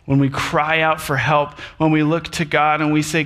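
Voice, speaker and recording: A man preaching a sermon to his congregation, animated and addressing them directly. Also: fairly high pitch, moderate pace. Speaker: pastor.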